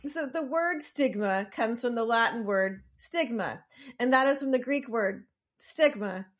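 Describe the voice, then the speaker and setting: A woman's voice: on the high side, lively intonation, measured pace. A woman co-hosting a podcast, chatting casually and reading background notes aloud with apologetic asides. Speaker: podcast co-host.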